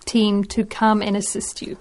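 A woman with a New Zealand accent, a teacher speaking as a radio panel guest in a polite, measured way. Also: medium pitch, completely flat delivery, a little mellow.

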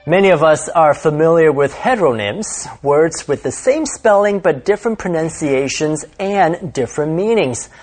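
A woman with a low, husky voice explains pronunciation as a lesson co-host. She reads a script in a measured teaching manner and slows right down to demonstrate stress on example words. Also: expressive, a little mellow, soft background music. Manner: clear, explanatory, slows to model word stress.

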